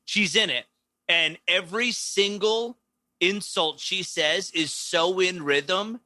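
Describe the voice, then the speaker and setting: A man on a comedy podcast, swearing freely and laughing through his stories. His voice sits a bit high and sounds very bright and forceful. The recording is close and dry. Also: takes it slowly, no echo. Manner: profane, laughing, storytelling with acted-out quotes. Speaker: podcast co-host. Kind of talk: casual comedic chat.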